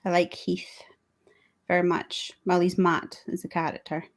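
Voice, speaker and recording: A woman's voice: on the low side, level tone, moderate pace. Dry-humoured Scottish woman author. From Scotland. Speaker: author guest. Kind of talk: casual chat.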